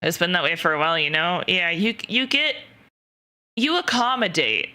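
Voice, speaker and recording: A woman streamer chats openly with her viewers in a loose, rambling way, full of fillers and casual swearing. Her voice is very bright and sharp-edged. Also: lowish voice, very animated, moderate pace, clear, resonant tone.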